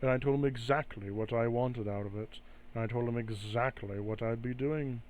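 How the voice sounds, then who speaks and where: A man voicing a scheming spirit bound to a cube that offers deals, speaking slowly and smoothly in a coaxing way. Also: medium pitch, steady tone, a little mellow, slight background noise, lightly acted. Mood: reasoning.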